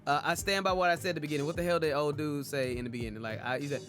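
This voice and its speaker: A man co-hosting a casual online radio talk show, animated and quick to laugh as he argues his point. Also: on the high side, soft background music. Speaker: podcast co-host. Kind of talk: casual chat.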